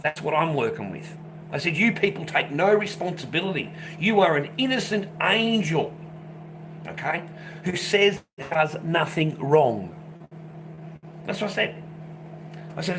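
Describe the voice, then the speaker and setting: A man ranting casually to the camera, swearing constantly and repeating himself. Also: a little high. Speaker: vlogger. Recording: noisy background.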